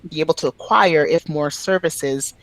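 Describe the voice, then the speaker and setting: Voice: medium pitch, normal speed, fairly bright tone, no echo, poor audio. A podcast guest speaking casually and emphatically, full of fillers, about their own language business. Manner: opinionated, emphatic, frequent fillers.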